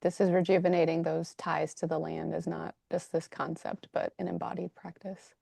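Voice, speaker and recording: Gravelly-voiced woman hosting a podcast. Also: lowish voice, level tone, normal speed, mellow, dry recording. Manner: effusive, affirming. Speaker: podcast host. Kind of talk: conversational interview.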